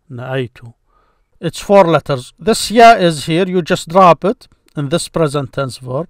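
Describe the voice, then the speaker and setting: A man with a slightly high voice teaches a grammar lesson, walking through each rule step by step. He restarts a word now and then as he explains. The recording is close and dry, with no room sound. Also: no echo.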